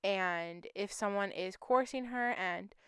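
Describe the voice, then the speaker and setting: A woman with a very smooth, clear voice makes a heartfelt appeal to her viewers. She hosts a missing-persons channel and speaks with emotion and urgency. The sound is dry and close, with no room around her. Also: mid-range voice, takes it slowly, fairly bright tone, dry recording.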